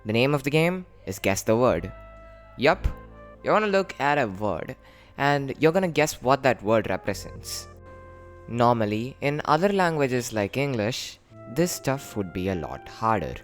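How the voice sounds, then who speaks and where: Man, casual explainer, jokey and animated, mid-range voice, faint music behind. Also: a little slow. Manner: jokey, animated, with sudden lifts in pitch. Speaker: creator explaining his invented language. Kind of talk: casual playful explainer vlog.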